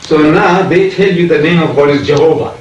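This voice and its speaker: A man's voice: on the high side, a little fast, dull audio. A man leading a heated religious debate, lecturing and pressing his listeners with repeated questions. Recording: echoey room, voice far from mic, faint noise.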